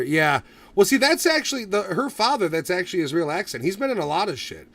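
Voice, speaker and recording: Profane, animated man reviewing movies. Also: a little high, a little fast, creaky, far from the mic. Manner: profane, animated, acts out quotes. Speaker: podcast host. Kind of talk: casual movie review chat.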